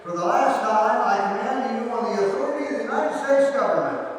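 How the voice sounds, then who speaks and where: A proud navy captain barks furious orders over the radio, as a man acts him out in a story. The voice sits a little high. It is heard from far off in a long, echoing hall. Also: animated, a little fast, slight background noise. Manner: shouting orders.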